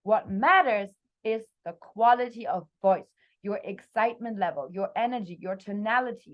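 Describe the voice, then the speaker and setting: A young woman coaching her team on a video call, talking energetically and expressively, her voice swinging between loud and soft. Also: mid-range voice, moderate pace, few pauses, muffled recording. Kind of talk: motivational talk on a group video call.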